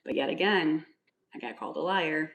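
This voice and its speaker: A woman's voice: low-pitched, moderate pace, fairly bright tone, poor audio. A woman chatting casually on a livestream, answering comments in a sarcastic, mock-sweet way. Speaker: livestreamer with a son.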